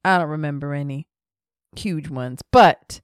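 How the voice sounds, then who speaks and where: A woman's voice: deep voice, unhurried, no echo, clean studio sound. A woman co-hosting a podcast in casual chat, thinking aloud and working through her opinions. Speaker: podcast co-host.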